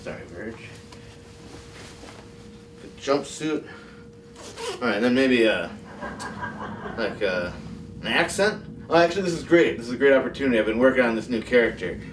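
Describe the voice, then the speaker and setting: A man hosts a comedy show in a mid-pitched voice, talking through a monologue with dry, deadpan asides. He sits back from the mic in a roomy, echoey space, and faint music plays behind him. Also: fairly quick, long pauses, far from the mic, a little hiss or hum. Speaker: talk show host. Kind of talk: comic monologue.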